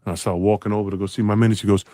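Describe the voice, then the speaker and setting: A man, a former basketball player, telling a blunt, relaxed anecdote on a podcast. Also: on the low side, very fast, slight background noise. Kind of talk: podcast storytelling.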